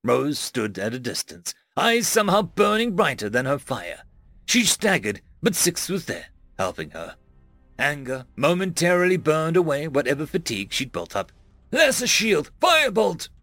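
A man narrating a web serial in first person, dramatic and expressive, dropping to a hush at pauses. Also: on the high side, no room sound. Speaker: audiobook narrator.

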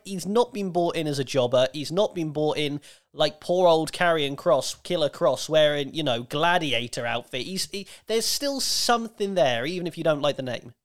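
A man talks through his argument on a podcast and plays devil's advocate in a reasoned way. His pitch moves around a lot, and he adds quick asides between points. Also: animated. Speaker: podcast co-host. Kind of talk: casual podcast chat.

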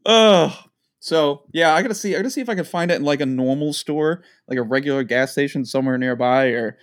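A man's voice: on the high side, brisk. A man co-hosting a casual podcast, telling stories in a rambling, profane way and voicing the people in them. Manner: rambling, profane storytelling with voiced asides. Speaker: podcast co-host.

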